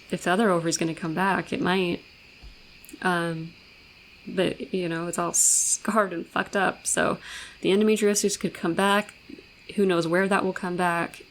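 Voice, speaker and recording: A woman's voice: on the low side, vocal fry, a little hiss or hum, low-quality recording. A young woman co-hosting a podcast, talking frankly and bluntly about a personal experience, swearing freely. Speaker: podcast co-host. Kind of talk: candid personal conversation.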